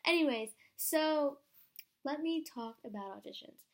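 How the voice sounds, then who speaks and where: A young woman vlogging at home into a camera, hyped up and rambling, with many "like" fillers. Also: high voice. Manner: excitable, rambling, fast-talking with many "like" fillers. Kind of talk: hyped-up casual vlog.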